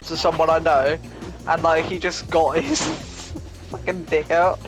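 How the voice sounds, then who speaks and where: A man's voice: a little high, measured pace, over music. A young man chatting casually, telling rowdy, sweary stories with lots of energy. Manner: rowdy, sweary, animated storytelling. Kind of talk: casual chat.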